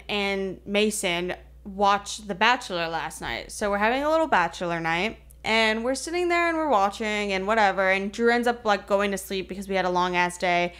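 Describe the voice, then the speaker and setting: A woman's voice: mid-range voice, a little slow, a bit bright, clear, resonant tone. Picture a young woman on a podcast who talks the way she texts: rambling, dropping "like" every few words, and swearing without a second thought. Her voice sits in a middle range. It is loose, casual chat rather than anything prepared. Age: young adult. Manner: rambling storytelling, heavy "like" fillers, frequent swearing. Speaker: podcast co-host.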